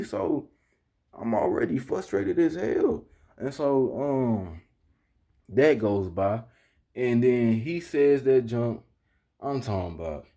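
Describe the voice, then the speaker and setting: A man's voice: medium pitch, dark tone. A young man vlogging, telling a story casually to the camera in heavy slang, often checking in with the listener and getting heated as he retells it. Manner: slangy, keeps asking "you feel me", heated when retelling.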